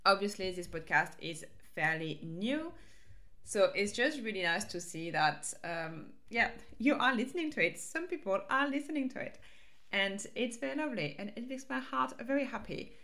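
A woman's voice: mid-range voice, lively intonation, moderate pace, pushed and bright. A woman with a French accent hosting her own podcast as a life coach, talking casually and upbeat with fillers and restarts.

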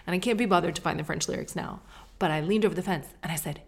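A middle-aged woman talks on her own podcast in a loose, stream-of-consciousness ramble. Her voice sits on the low side for a woman. She is chatty, mocks herself freely and drops the odd swear word. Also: expressive, quick pace. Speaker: podcast host. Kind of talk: casual podcast monologue.

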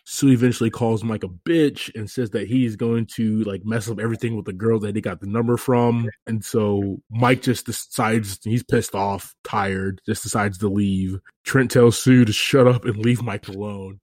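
A man's voice: lowish voice, normal speed, few pauses, no echo. A man co-hosting a podcast, casually retelling a film's plot and laughing often. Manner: relaxed storytelling, laughs often. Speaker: podcast co-host. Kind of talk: casual chat recapping a film.

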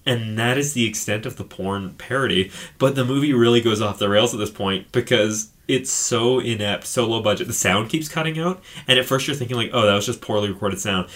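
Bright-voiced man reviewing films. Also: mid-range voice, a little fast, few pauses. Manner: profane, animated retelling. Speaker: podcast co-host. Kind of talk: casual film review chat.

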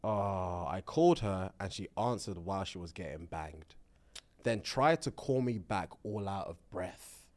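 A man's voice: low voice, a little slow. A young man from co-hosting a podcast, reading listener submissions aloud in playful banter. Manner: reads lines aloud then laughs, lively and playful. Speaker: podcast co-host.

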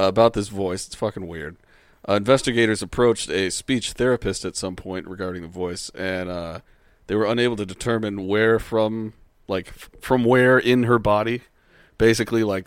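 A laid-back young man co-hosts a podcast, chatting loosely and swearing now and then. His voice sits on the low side and is recorded dry and close, with no room sound at all. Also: smooth, dry recording. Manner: laid-back, laughs often, swears casually. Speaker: podcast co-host. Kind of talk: casual podcast chat.

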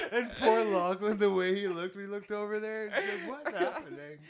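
A man's voice: sits high, very animated, slow pace, fairly bright tone. A man in casual conversation, laughing and teasing as he recalls a shared story. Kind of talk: casual chat.

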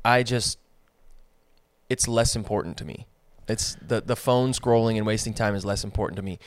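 A man's voice: on the low side, moderate pace, no room sound. A young man co-hosting a podcast, chatting casually and thinking aloud with lots of fillers. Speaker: podcast co-host. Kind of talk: casual chat.

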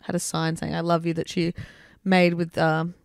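A young woman co-hosting a podcast in casual, animated chat, telling stories with swearing and laughter. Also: fairly low pitch, normal speed, vocal fry, smooth, dry recording, clean studio sound. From Australia. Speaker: podcast co-host.

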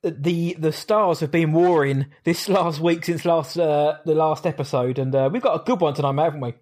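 A man's voice: on the high side, normal speed, darkish tone. A young British man hosting a podcast, cheerful and fond of puns. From United Kingdom. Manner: cheerful, punning. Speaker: podcast host. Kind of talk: casual podcast chat.

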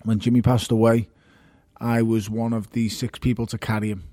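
A man's voice: mid-range voice, level tone, normal speed, mellow, dry recording. A man speaking as a guest, frank and reflective.

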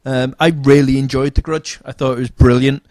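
A man's voice: medium pitch, flat delivery, fairly quick, darkish tone, slight background noise. A man co-hosting a casual podcast, enthusiastic, swearing freely and repeating words. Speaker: podcast co-host. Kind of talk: casual chat.

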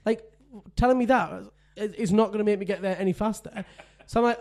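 A man in his thirties co-hosting a casual podcast chat. His voice sits fairly high for a man. He tells stories in a chatty way and laughs often. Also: fairly even intonation, a little fast, a little mellow. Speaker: podcast co-host.

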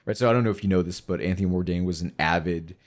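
A man's voice: sits low, racing. A man co-hosting a casual podcast, speaking frankly with lots of filler words. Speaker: podcast co-host. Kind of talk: casual chat.

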